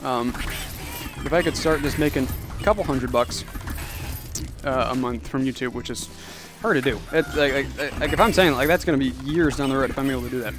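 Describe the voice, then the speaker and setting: Over background music, a young man with a mid-range voice talks fairly quickly on his livestream. His delivery is loose and filler-heavy as he reads out and responds to chat, captured with a magnetic clip-on microphone.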